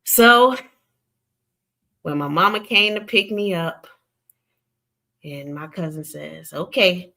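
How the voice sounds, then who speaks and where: A woman with a Southern US accent hosting a casual livestream. She tells stories with big swings between loud outbursts and hushed asides. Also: on the low side, slow pace, creaky, pauses often. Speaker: livestream host.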